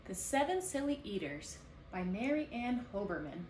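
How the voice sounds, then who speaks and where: A woman baker reading picture books aloud at a children's story hour, expressive and lively. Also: mid-range voice, normal speed, a little hiss or hum. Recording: roomy echo, distant mic, faint ambience.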